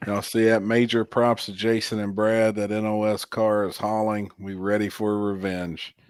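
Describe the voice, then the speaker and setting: A man's voice: fairly low pitch, level tone, normal speed, clean tone, dry recording, studio quality. A man hosting a casual chat about racing, laid-back and drawling. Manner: laid-back, drawling, says "I think" often.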